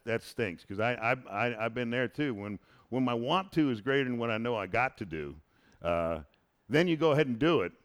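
A married man with a son leads a casual faith-based chat in a lowish, clean-toned voice. He's animated and preachy, repeating phrases to drive his points home.

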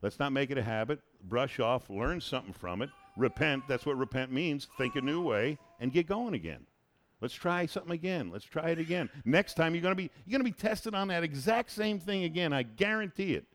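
A married man hosting a casual faith-based chat, who talks in an animated, preachy way and repeats phrases for emphasis. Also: fairly high pitch, fairly quick. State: married, has a son.

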